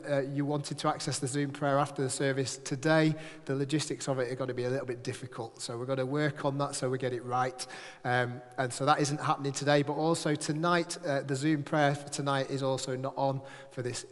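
A man's voice: mid-range voice, fairly even intonation, a little fast. Chatty man in an echoey hall. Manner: chatty, joking, rambling with restarts. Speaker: church leader. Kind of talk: church notices and sermon. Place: church hall with live congregation.

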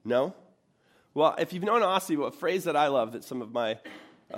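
A pastor giving a sermon in a church, his voice sitting at an ordinary middle pitch for a man. He talks to the congregation in a relaxed, conversational way and often stops to ask them questions. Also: brisk.

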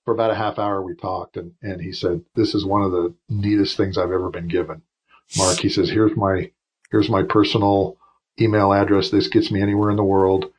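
A man's voice: low-pitched, little pitch movement, moderate pace, darkish tone, slightly rough, highs cut off. A man in his fifties, a retired Air Force officer, telling long emotional stories as a podcast guest, with restarts and asides. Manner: rambling, emotional anecdotes with many restarts. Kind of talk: storytelling in a casual interview.

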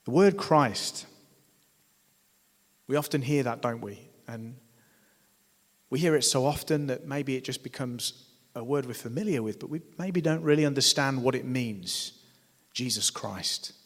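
Emphatic preacher in a reverberant hall. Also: male voice, mid-range voice, unhurried, long pauses. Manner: emphatic, rising to loud declarations, asks the congregation rhetorical questions. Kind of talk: sermon.

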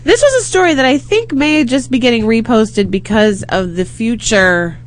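A woman's voice: on the high side, expressive, normal speed. A young woman co-hosting a podcast, chatting through a news story with dry quips. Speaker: podcast co-host. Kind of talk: casual news chat.

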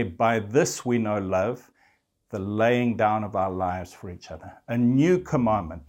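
A man delivers a sermon in an earnest, teaching manner. He reads scripture passages aloud and explains them to his listeners, and his voice sits at a middle pitch. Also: darkish tone. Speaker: preacher.

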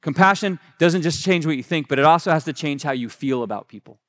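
A male pastor preaches conversationally in a slightly high voice with lively intonation and a quick pace. He often restarts phrases, corrects himself, and retells scripture in casual everyday language.

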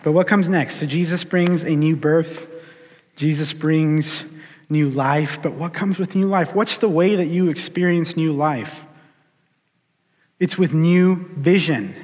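A man preaching a sermon in a casual, animated storytelling way. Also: on the high side. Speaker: pastor. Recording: long hall reverb.

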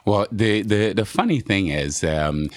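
A man asks questions with eager enthusiasm, repeating words as he goes. His voice sits very low, and the recording is dry and close. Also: measured pace, no room sound. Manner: enthusiastic, eager, stumbling repetitions. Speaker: interviewer. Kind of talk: conversational interview.

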